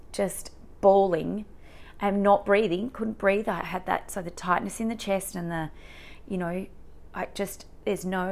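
This Australian mother has a mid-range voice touched with vocal fry as she tells a personal story. The retelling is frank, emotional and lively, crowded with filler words and fresh starts.

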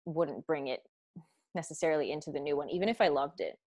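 Effusive low-voiced young woman, casual chat. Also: fast, a little mellow, no echo, clean studio sound. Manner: swearing, effusive, laughs often. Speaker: podcast host.

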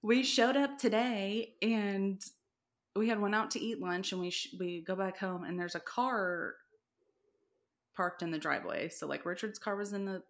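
A woman's voice: medium pitch, moderate pace. A woman co-hosting a podcast, telling stories in casual chat, acting out quoted lines and laughing often. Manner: animated storytelling, acts out quoted dialogue, laughs often. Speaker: podcast co-host.

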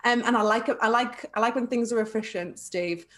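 A woman with a Liverpool accent chats as an interview guest about her work training people in networking. She speaks in a fairly high voice, lively and quick to laugh. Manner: lively, chatty, laughs often. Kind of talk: casual interview chat.

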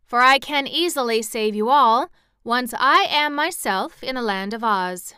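A woman's voice: fairly high pitch, unhurried, bright, forceful tone, clean tone, dry recording, studio quality, voice pushed up. A woman voicing a cheerful, confident little girl in an audiobook, speaking eagerly and reassuringly.

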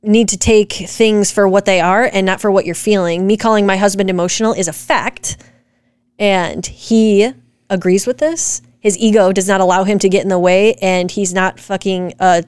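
A woman with a smooth, clear voice chats with her husband about viewer comments. She speaks directly and with animated emphasis, swearing freely as she argues. The recording is close and dry. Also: medium pitch, moderate pace, no room sound. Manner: animated, direct and profane, rants with rising emphasis. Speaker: co-host, wife. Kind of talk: casual podcast chat reacting to comments.

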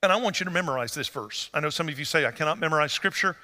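Bright-voiced pastor in a reverberant church. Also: male voice, fairly high pitch, racing. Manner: conversational storytelling preacher, building to animated emphasis. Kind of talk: sermon.

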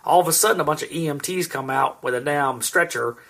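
Man, thirties, husky, higher-pitched, rambling, profane, casual chat. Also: brisk, a bit bright. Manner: rambling storyteller, swears a lot. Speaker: podcast co-host.

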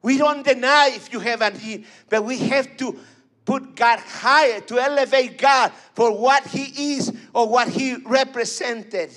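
A man's voice: extremely high pitch, measured pace, a bit bright. A man preaching a fervent sermon, repeating phrases and calling for responses.

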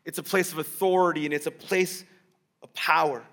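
A man's voice: on the high side, steady tone, brisk, fairly bright tone. A male pastor preaching a sermon, explaining the text step by step and asking his listeners rhetorical questions.

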